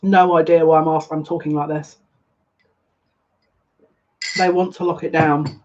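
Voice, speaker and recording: Lighting incense in a home room, this tarot reader gives a relaxed live reading in a medium-pitched, slightly slow and mellow voice that barely rises or falls. Phrases get repeated, "yeah, look." most of all, over dull lo-fi audio with a faint hiss.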